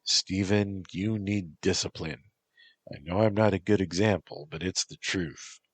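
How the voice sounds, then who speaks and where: A man's voice: low voice, unhurried, breathy edge, no room sound. A man voicing a bossy, tough young female soldier who gives orders and teases. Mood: firm. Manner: commanding, teasing.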